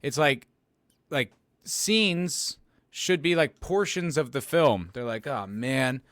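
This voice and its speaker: A man's voice: on the high side, lively intonation, slow, fairly bright tone, dry recording, clean studio sound. A man hosting a podcast livestream and reading chat messages aloud, rambling casually, swearing and poking fun at himself. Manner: rambling, profane and self-mocking.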